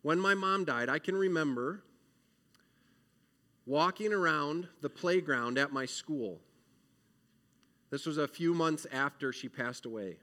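A man leads a children's sermon in an earnest, emotional way. His voice is bright and a bit tense, sitting somewhat high, and he swings from loud pleading to soft, reflective lines. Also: a little slow, long pauses. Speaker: children's minister.

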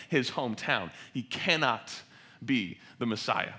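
Bright, slow-paced preaching man. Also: mid-range voice, animated. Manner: passionate, swells loud on scripture quotes then drops soft. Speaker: pastor. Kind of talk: sermon.

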